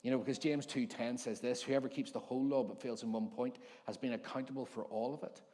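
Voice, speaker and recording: A man's voice: medium pitch, steady tone, fast, warm tone, in a large hall. A man of forty with a Northern Irish accent, preaching a conversational sermon full of jokes and acted-out voices. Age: 40s. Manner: jokey storytelling, acts out overheard voices. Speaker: pastor. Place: church hall.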